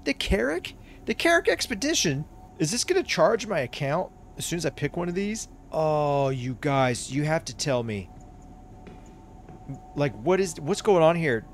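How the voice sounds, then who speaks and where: A man giving excited, chatty commentary while playing a space game, reacting aloud to everything he sees. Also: a little high, measured pace, a little hiss or hum. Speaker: gaming YouTuber. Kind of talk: casual gameplay commentary. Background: game music.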